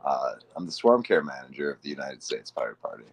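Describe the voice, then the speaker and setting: Very deep-voiced tired man. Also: very animated, husky. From Illinois. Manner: slow, weary, with uhs. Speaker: committee member.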